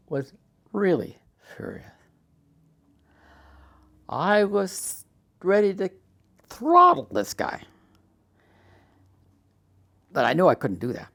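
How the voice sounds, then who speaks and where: An older man telling a personal story, halting with frequent uhs and acting out the people he quotes. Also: medium pitch, vocal fry. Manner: animated retelling, acts out quotes. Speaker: documentary subject.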